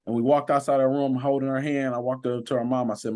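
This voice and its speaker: A man's voice: medium pitch, little pitch movement, fast talker, few pauses, a little mellow. Earnest man telling a personal story. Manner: earnest, preacher-like emphatic cadence. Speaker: guest, sheriff's deputy. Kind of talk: personal storytelling in a podcast interview.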